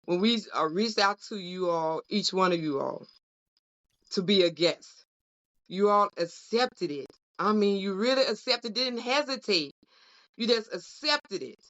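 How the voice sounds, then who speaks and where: A woman's voice: mid-range voice, animated, unhurried, a bit bright. A woman giving heartfelt closing remarks on a podcast panel, repeating phrases in a preacher-like way. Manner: emotional, preacher-like repetition. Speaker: co-host representing a union caucus. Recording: dull lo-fi audio.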